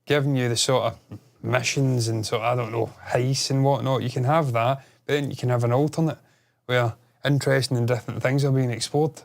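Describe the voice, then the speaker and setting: Excitable, sweary man co-hosting a podcast. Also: medium pitch, gravelly. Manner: excitable, swears a lot, rambling. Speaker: podcast co-host. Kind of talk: casual podcast chat.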